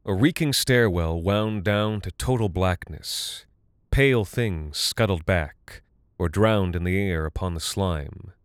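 A man narrating a fantasy audiobook in a measured, deliberate way. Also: low voice, clear, resonant tone, no echo, clean studio sound.

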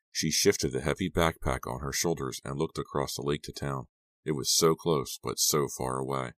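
A man narrating an audiobook with an extremely deep voice. He reads in a measured, even way. The recording is close and very dry. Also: dry recording.

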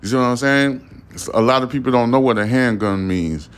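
A man's voice: medium pitch, brisk, clean tone. A man in his forties hosting a podcast, telling stories in a casual monologue full of profane street slang and asides. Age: 40s. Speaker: podcast host.

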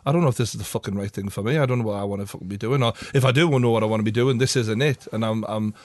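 A man's voice: on the low side, racing, no room sound. A man co-hosting a podcast in casual chat, laughing often and swearing freely. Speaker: podcast co-host.

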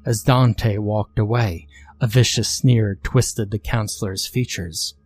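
Male horror story narrator, deep, husky, slow, measured. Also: fairly even intonation, darkish tone, no echo, faint music behind.

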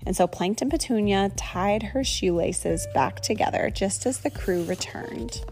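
A woman reading a children's story aloud in an expressive, animated way. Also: mid-range voice, measured pace, faint music behind.

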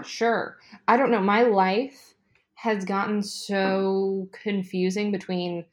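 A woman hosting a casual sports podcast, rambling excitably and swearing freely. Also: lowish voice. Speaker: podcast host. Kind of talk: casual chat. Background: ice maker noise from a fridge.

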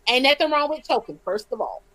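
Female co-host, high pitch, dead-dry sound, blunt storytelling banter. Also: very animated, fast, fairly bright tone, dry recording, poor audio. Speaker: podcast co-host. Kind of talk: casual crude banter.

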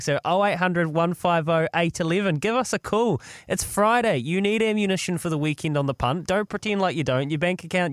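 High-voiced teasing New Zealand radio co-host. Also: male voice, no echo, studio quality. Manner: brisk, teasing, salesy. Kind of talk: casual breakfast radio promo.

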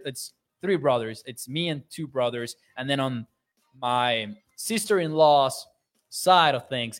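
Reading out viewer comments on his sports livestream, a young host keeps things upbeat and chatty with frequent laughter. His voice is medium in pitch and a bit bright.

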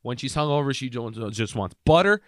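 A man co-hosting a podcast in casual chat, telling a story in an animated way. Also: mid-range voice, brisk, no room sound, studio quality. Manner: animated storyteller, acts out voices in his tale. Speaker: podcast co-host.

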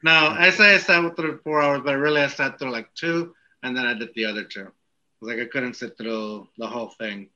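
A man hosting a podcast in casual chat, rambling and halting, often laughing. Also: mid-range voice, fairly even intonation, pushed and bright, lo-fi sound. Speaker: podcast host.

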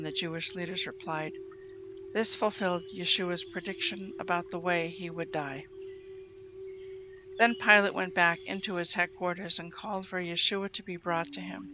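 A host reading scripture aloud in a steady, measured way, giving the quoted lines plainly. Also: medium pitch, background noise. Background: music bed under the reading.

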